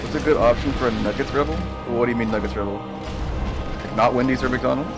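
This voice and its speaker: Young man, casual stream chatter, loud game music under him. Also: mid-range voice, quick pace. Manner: chatty, with many restarts. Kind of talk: casual chat.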